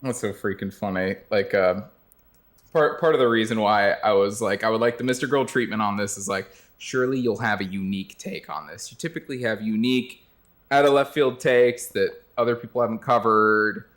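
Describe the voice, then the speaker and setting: A man's voice: fairly low pitch, brisk, a bit bright. A man calling in to a stream, chatting casually and agreeably, laughing along and giving short affirmations. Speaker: caller. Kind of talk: casual call-in chat.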